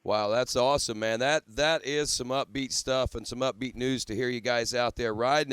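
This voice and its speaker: A male radio host of middle pitch leads an interview with keen enthusiasm. His voice is smooth and clear. The sound is dry and close. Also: fairly even intonation, brisk, few pauses, fairly bright tone, no echo. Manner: enthusiastic, friendly, says "man" often. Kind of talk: interview hosting.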